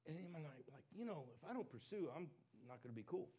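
A man preaching a sermon, emphatic and confessional, swinging from loud declarations to hushed admissions. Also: a little high, lively intonation, fast, hardly any pauses, slightly rough.

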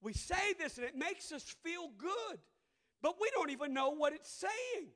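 A middle-aged man with a Cajun Louisiana accent preaching a sermon, moving between soft conversational asides and loud, drawn-out preaching. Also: very high voice, very animated. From southern Louisiana. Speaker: pastor.

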